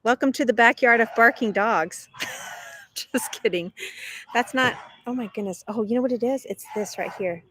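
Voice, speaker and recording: A woman's voice: a little high, normal speed, fairly bright tone, a little hiss or hum. A middle-aged woman hosting a live English lesson stream, chatty and reading viewer comments aloud, laughing often. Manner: laughs often between remarks. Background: dogs barking.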